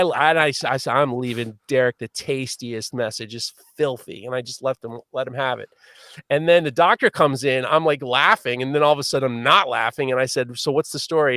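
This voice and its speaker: A man hosting a live podcast, telling a long story in a lively, swearing manner. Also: mid-range voice, fairly quick, no echo. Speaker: podcast host.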